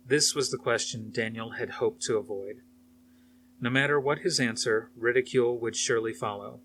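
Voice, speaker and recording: A man narrating a novel aloud in a steady, plain storytelling manner. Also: mid-range voice, normal speed, a little hiss or hum.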